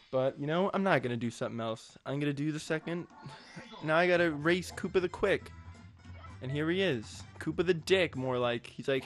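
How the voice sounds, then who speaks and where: A man's voice: on the high side, fairly quick, a bit bright, faint music behind. A man giving casual, jokey gameplay commentary as a let's play host, rambling with crude asides.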